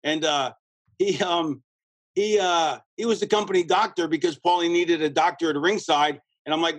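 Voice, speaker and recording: A man telling a backstage story as an interview guest, rambling and animated, with a husky voice. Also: a little high, normal speed, dry recording, poor audio. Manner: rambling, animated, lots of restarts and quoted dialogue. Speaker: guest, former pro wrestler.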